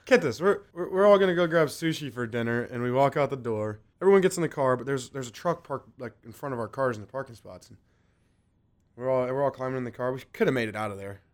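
A young man co-hosting a casual chat podcast, teasing his friend and telling lively stories. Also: mid-range voice, quick pace. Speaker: podcast co-host.

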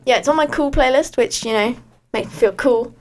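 A woman's voice: fairly high pitch, fairly quick. Playful teen girl co-hosting radio. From Australia. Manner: playful, self-mocking, giggly. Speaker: radio show co-host. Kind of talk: casual breakfast show chat.

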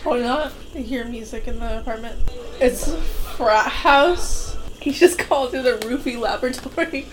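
A woman's voice: a little high, moderate pace, soft background music, poor audio. A young woman co-hosting a casual movie-watching podcast, laughing often as she retells the plot. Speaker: podcast co-host.

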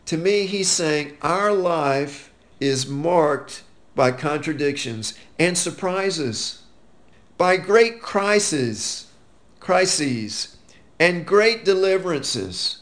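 Slow, emphatic male Bible teacher. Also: a little high, lively intonation, fairly bright tone. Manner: slow, emphatic, quotes scripture with rising stress.

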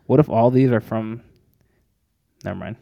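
A man's voice: on the low side, normal speed, gravelly, no echo, lo-fi sound. Playful man co-hosting a podcast. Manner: playful, easily amused. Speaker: podcast co-host. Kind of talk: casual chat. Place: home room.

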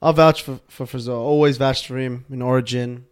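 A young Australian man co-hosting a sports podcast, excitable and full of slang. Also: medium pitch, normal speed, smooth. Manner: excitable, slangy, calls people bro. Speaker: podcast co-host. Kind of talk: casual sports chat.

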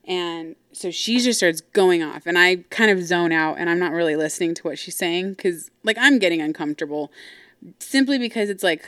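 A woman's voice: lowish voice, moderate pace, fairly bright tone, dry recording, studio quality. A woman hosting a podcast, telling a family story in a candid, casual way, swearing freely and acting out what others said. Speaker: podcast host.

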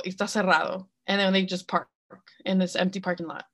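A woman's voice: mid-range voice, fairly even intonation, fairly quick, few pauses, fairly bright tone. A woman telling a personal story on a podcast, frank and blunt, swearing freely and full of fillers. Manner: mixes in other-language phrases mid-sentence. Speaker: podcast co-host.

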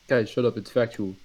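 A man's voice: mid-range voice, husky. A man chatting casually while playing a game, sarcastic and swearing often. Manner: sarcastic, profane, animated banter. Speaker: gamer co-host. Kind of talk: casual gaming chat.

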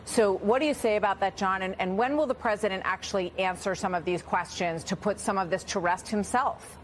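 A woman's voice: mid-range voice, fairly quick, slight background noise. A woman news anchor putting a question to a colleague. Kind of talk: news broadcast.

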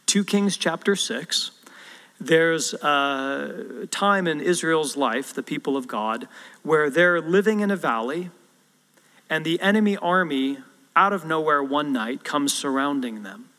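A man's voice: on the high side, pushed and bright. A male pastor preaching a sermon and telling a story, acting out the quotes as he goes. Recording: long hall reverb.

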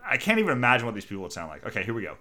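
A man co-hosting a relaxed group chat, his voice bright and forward. He swings his pitch around a lot as he sets up playful bits for the others. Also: very fast. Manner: animated, playful, leads the bits.

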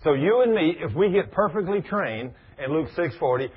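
Husky, lively male preacher on a lo-fi recording. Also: on the high side, moderate pace. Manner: animated preaching with asides to people in the room. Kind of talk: sermon. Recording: dull lo-fi recording.

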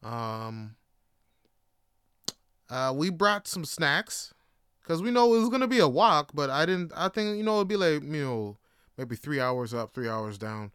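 A man's voice: on the high side, lively intonation, measured pace, a bit bright, clear, resonant tone, no room sound, clean studio sound. A man from Jamaica telling a personal story in a casual, profane way, laughing and restarting as he goes. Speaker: podcast host.

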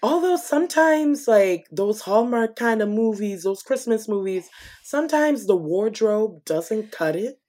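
A woman co-hosting a casual movie review chat, animated and laughing often, acting out her own reactions. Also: measured pace. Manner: animated, laughs often, quotes herself with swings in pitch.

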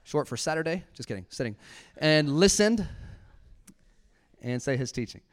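A young man with a smooth, clear voice preaches a relaxed sermon to a congregation. He is conversational and playful, laughs easily, and slips into a soft, hushed tone when he demonstrates quiet prayer. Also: a little high, moderate pace. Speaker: pastor. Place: church sanctuary before a congregation.

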